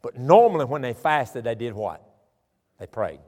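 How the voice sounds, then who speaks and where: A man with a Southern accent from Tennessee and Alabama, preaching a folksy, animated sermon with chatty asides. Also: medium pitch, moderate pace. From southern Tennessee and northern Alabama. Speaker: pastor. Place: large church sanctuary. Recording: church hall reverb.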